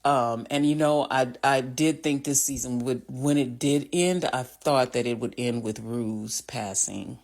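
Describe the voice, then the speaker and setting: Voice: mid-range voice, measured pace, few pauses. A casual vlogger walks through a TV episode scene by scene, stopping for fillers and self-corrections. The voice sits in a middle register, and the speaker reacts openly to the scenes as they retell them. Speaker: TV recap vlogger.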